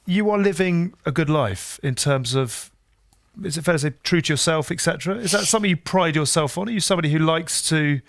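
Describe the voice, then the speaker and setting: A man's voice: fairly high pitch, brisk, dry recording, studio quality. A man hosting a podcast interview who leads the guest with questions. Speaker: podcast host.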